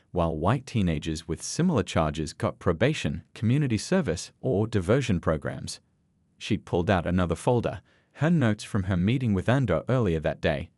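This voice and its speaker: A man's voice: on the low side, darkish tone, dry recording. A man narrating a dramatic story from a script.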